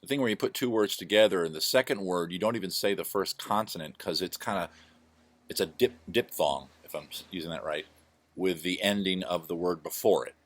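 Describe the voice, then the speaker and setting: Deep-voiced rambling man vlogging. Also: fairly quick, fairly bright tone, no echo. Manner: rambling, self-deprecating, full of digressions. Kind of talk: casual chat to camera. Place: at home. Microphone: laptop microphone.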